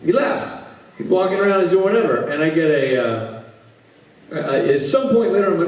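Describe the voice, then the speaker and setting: A man with a slightly high voice tells a rambling story to a crowd, acting out the other people in it. He sounds distant from the mic, with a big, roomy echo around him and a faint hiss underneath. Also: moderate pace. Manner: animated, acts out a friend's drunk voice with big pitch jumps. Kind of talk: casual storytelling to a live audience.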